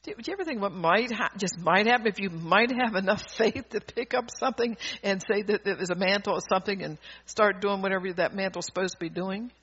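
Fervent high-voiced male preacher. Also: a little fast, few pauses, breathy edge. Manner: fervent, swings from soft asides to loud exhortation; rambling, with restarts and laughter. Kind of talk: sermon. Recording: dull lo-fi recording.

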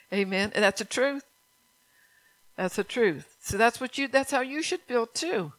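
Folksy woman preacher with a lowish voice, earnest and chatty, dry close sound. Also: steady tone, moderate pace, vocal fry, a bit bright, no echo, rough recording. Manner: folksy and earnest, often breaks into laughter. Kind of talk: sermon.

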